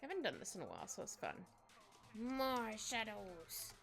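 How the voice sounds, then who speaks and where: A woman's voice: on the high side, huge pitch swings, moderate pace, creaky. A woman chatting casually while she draws on a live stream, rambling and giggly, with many little asides. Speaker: digital artist streaming her drawing. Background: soft background music.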